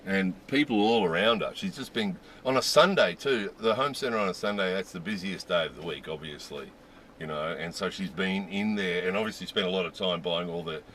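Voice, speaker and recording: Lively man telling a story, bright voice. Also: deep voice, a little hiss or hum. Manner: animated, laughing, restarts when excited. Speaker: vlogger. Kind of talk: casual storytelling.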